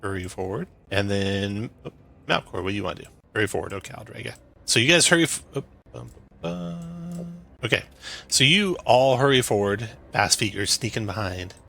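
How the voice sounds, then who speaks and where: Guy running a tabletop game, gravelly bright voice, lots of ums. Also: fairly low pitch, lively intonation. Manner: brisk narration with frequent "um" and "uh". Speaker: game master.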